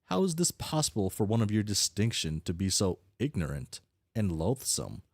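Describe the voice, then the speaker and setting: A man's voice: fairly low pitch, very animated, moderate pace, gravelly, a little mellow, dry recording, full character voice. A man voicing a haughty, formal young male alien troll aristocrat who speaks in stiff, pompous sentences. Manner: stiff, pompous, long-winded formal speech.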